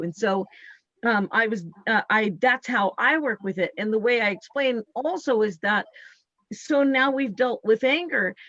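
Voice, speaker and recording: A woman's voice: on the high side, unhurried, a bit bright, dry recording, highs cut off. A woman hosting a live talk show, earnest and explaining by acting out what she tells herself. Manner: earnest, explains by acting out her inner speech.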